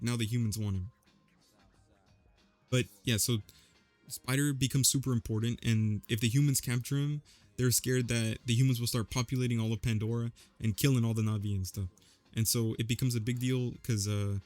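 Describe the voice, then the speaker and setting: A man's voice: medium pitch, a little mellow, no room sound. A young man casually recapping a movie, rambling with lots of slang and fillers. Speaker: vlogger.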